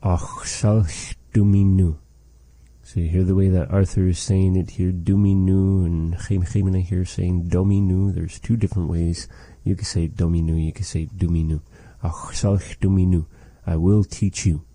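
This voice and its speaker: A man teaching a language lesson, saying phrases slowly and carefully and repeating them for learners. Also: sits low, level tone, dark tone, husky, no echo.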